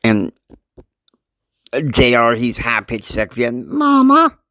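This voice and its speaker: Low-voiced man rambling through a homemade story. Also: slow, dry recording, low-quality recording. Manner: rambling, laughing, many fillers. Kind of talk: casual homemade story narration.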